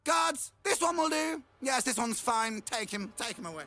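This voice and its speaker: A sinister doctor. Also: male voice, very high voice, normal speed, soft background music, heavily acted. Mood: coaxing menace. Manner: calm, condescending, coaxing. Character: sinister smooth-talking male doctor running experiments. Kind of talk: sung and spoken song performance. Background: hip hop beat.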